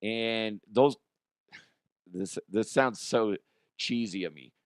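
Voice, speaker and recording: A man hosting a casual comedic news show, his voice hoarse and strained, joking crudely and laughing often. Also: on the low side, slow, no echo, studio quality. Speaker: podcast host.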